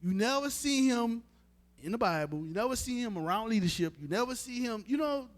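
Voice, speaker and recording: High-voiced man preaching emphatically. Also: animated, fairly quick. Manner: informal, emphatic, talks straight to the crowd. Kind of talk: street-style sermon teaching.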